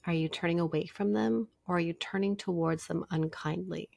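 A middle-aged woman psychologist, a podcast guest, telling stories in a warm conversational way and acting out bits of dialogue. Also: fairly low pitch, fairly quick, creaky, no echo, clean studio sound. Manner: animated storyteller, acts out dialogue.

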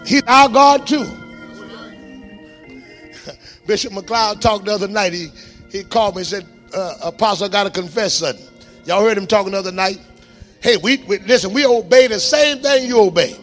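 High-pitched shouting preacher man. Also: normal speed, long pauses, faint music behind. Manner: shouting, exhorting the congregation with call-and-response commands. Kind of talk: fiery sermon. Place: church sanctuary.

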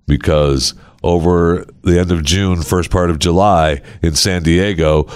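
An American man hosting a podcast, chatting casually and acting out stories with sound effects. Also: low-pitched. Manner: animated storyteller, acts out scenes with sound effects. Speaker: podcast host. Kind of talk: casual chat.

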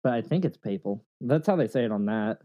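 A man's voice: medium pitch, lively intonation, fast, no room sound, dull audio. A man co-hosting a podcast who keeps the banter laid-back, cracking crude jokes and asking casual questions. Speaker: podcast co-host. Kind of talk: casual chat.

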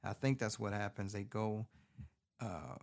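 Man, casual film recap, heavy swearing, rambling, animated, phone mic. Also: on the low side, a little slow, gravelly. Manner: profane, rambling, animated storytelling. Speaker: movie recapper. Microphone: phone camera.

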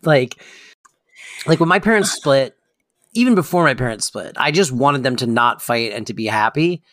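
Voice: mid-range voice, lively intonation, moderate pace, fairly bright tone, no echo. A podcast co-host in casual chat, wry and joking, sharing personal reactions.

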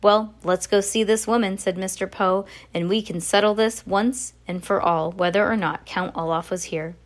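A woman's voice: medium pitch, steady tone, moderate pace, close to an everyday voice. A woman voicing a fussy male banker who speaks formally in a storybook reading.

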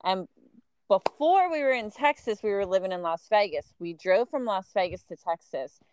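A woman's voice: mid-range voice, animated, normal speed, a little mellow, clear, resonant tone, dry recording. An American woman hosting a podcast, chatting casually and enthusiastically with frequent laughs and fillers. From United States. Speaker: podcast host. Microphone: remote call recording.

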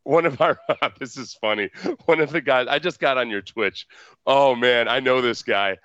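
A man's voice: medium pitch, normal speed, fairly bright tone, clear, resonant tone, no room sound, dull audio. A male guest chatting casually, chuckling, self-deprecating and rambling. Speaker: guest, radio host. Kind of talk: casual podcast chat.

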